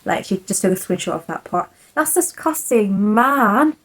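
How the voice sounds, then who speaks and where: A woman's voice: mid-range voice, expressive, normal speed, slightly rough, low-quality recording. A young woman, talking casually to her viewers in a chatty, giggly, apologetic way. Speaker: vlogger. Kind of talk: casual chat to camera, reading messages aloud.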